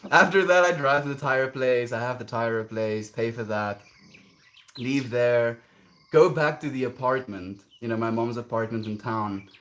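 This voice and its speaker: A man's voice: mid-range voice, moderate pace, a bit bright. A man, streaming and telling a story casually, rambling and repeating words as he goes. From South Africa.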